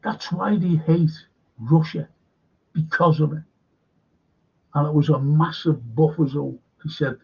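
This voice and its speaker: Slow, gravelly man, rambling. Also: fairly high pitch, steady tone, dull audio. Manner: halting, repeats words, sarcastic. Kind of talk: rambling opinionated monologue.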